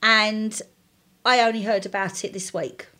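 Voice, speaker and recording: A middle-aged woman, a co-host in casual chat, telling a lively story and acting out the voices in it. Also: medium pitch, unhurried. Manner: animated storyteller, acts out quoted voices.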